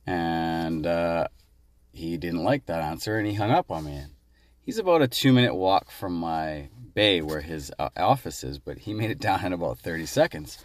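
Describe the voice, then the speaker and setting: A man from Canada calling in to tell a casual, animated story about his workplace. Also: low-pitched, moderate pace, dry recording. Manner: animated, laughs while telling. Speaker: caller leaving a voice message.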